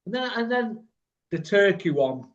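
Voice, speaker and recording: Man, Birmingham accent, host, casual chat, blunt, rambling, slightly high voice, muffled call audio. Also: very animated. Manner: blunt, rambling, quick to laugh. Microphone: video call.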